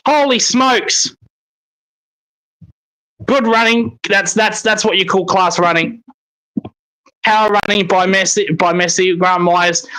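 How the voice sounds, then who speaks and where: Male fan caller, bright forceful voice, excitable and sweary. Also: high voice, poor audio. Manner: excitable, swears in frustrated outbursts. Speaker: football fan commentator. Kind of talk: live watch-along commentary.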